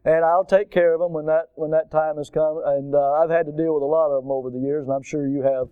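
A man's voice: fairly high pitch, quick pace, clean tone, no room sound, narrow, tinny audio. A man from Florida preaching a storytelling sermon, acting out the voices in his story. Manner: animated storyteller, acts out voices.

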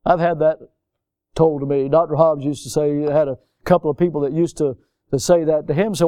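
A man's voice: on the high side, steady tone, a little fast, warm tone, no echo, clean studio sound. A man pastor delivering a sermon in a folksy, emphatic way, drawing out stressed words.

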